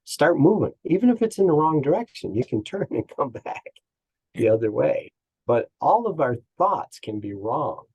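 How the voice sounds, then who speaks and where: A man's voice: fairly low pitch, vocal fry, mellow, husky, rough recording. A man speaking as an interview guest and business coach, telling folksy stories with chuckles. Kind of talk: casual interview talk.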